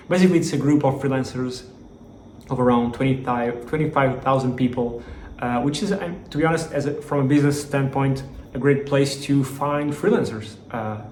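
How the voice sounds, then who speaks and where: A man's voice: medium pitch, darkish tone, slight background noise. A man giving a casual, rambling vlog update as a startup founder, with lots of fillers and restarts. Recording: roomy echo, faint background ambience.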